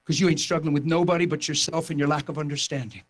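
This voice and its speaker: Male pastor, sermon testimony, high-pitched, passionate storytelling, building to shouts. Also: steady tone, fast talker. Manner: impassioned storytelling, rising to near-shouting.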